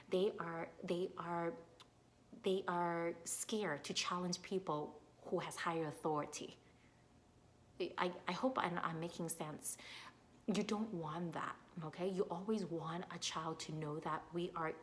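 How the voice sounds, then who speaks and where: A woman's voice: low voice, slight background noise. A woman who teaches young children, giving earnest advice in an informal talk, with many fillers and frequent checks that she is understood. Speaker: early childhood educator.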